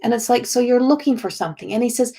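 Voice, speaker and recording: A woman with a slightly high voice gives a spontaneous oracle card reading as a psychic medium. She rambles and restarts her sentences, full of "like", as she relays what a spirit tells her. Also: quick pace, dark tone, slightly rough.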